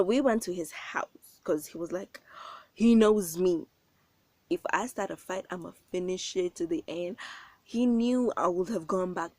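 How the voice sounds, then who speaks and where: A woman telling a story on her vlog, slangy and animated, acting out the quotes with loud bursts. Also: fairly low pitch, no room sound. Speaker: vlogger.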